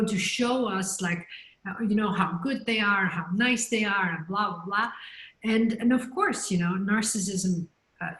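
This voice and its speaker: Middle-aged woman coach, chatty with fillers, echoey video call room. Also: medium pitch. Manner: chatty, many fillers and restarts. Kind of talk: online panel discussion.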